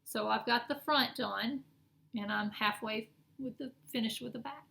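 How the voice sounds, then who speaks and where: A fairly high, creaky voice with a sharp edge belongs to a middle-aged woman chatting at a moderate pace. She shows her cross-stitch projects in a casual vlog, rambling and correcting herself along the way, in an echoey space with faint noise.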